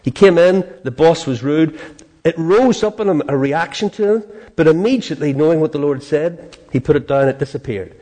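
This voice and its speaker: A man preaching a sermon from slides, animated and chuckling, with swings from loud to hushed and frequent questions to the congregation. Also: on the high side, moderate pace.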